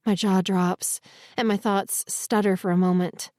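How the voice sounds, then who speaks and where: A woman narrating a first-person romance audiobook in a steady, earnest reading voice. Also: medium pitch, measured pace, no echo, studio quality.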